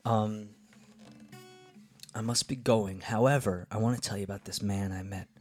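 A man's voice: lowish voice, steady tone, normal speed, music in the background. A man hosting a podcast, telling a casual travel story in a rambling way, with lots of fillers and restarts. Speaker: podcast host.

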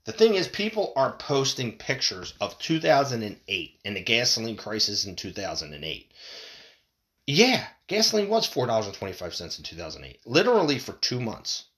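A man giving a heated, profane solo commentary, jumping between loud bursts and low mutters. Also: wildly swooping pitch, moderate pace.

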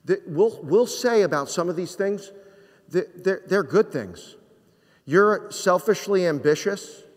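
Jersey guy preaching, kinda high voice, chatty with lots of rhetorical questions, big echoey hall. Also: lively intonation. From New Jersey. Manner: conversational preaching with rhetorical questions and dramatic pauses. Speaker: pastor. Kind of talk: sermon.

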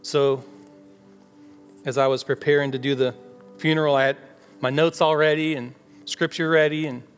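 A male pastor gives a sermon in a conversational way, slipping into quoted voices for everyday dialogue. His voice sits a little high for a man, and a long reverb trails each phrase through the sanctuary. Soft music plays faintly underneath. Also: fairly even intonation, moderate pace. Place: church sanctuary.

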